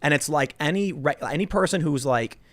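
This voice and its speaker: A man hosting a political talk show, animated and chatty, acting out quotes in mocking voices. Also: on the high side, brisk. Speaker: podcast host.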